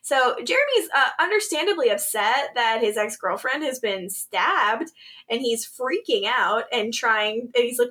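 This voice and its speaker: A woman co-hosting a podcast, casually recapping episodes, animated and laughing often as she acts out quotes. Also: fairly high pitch, moderate pace. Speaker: podcast co-host.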